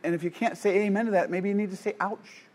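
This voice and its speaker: A man preaches with fervor, surging loud and dropping to near-murmurs. His voice sits high for a man. He often restarts mid-phrase as he presses on. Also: steady tone, racing, noisy background. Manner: fervent, rising and falling, with many restarts. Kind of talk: sermon.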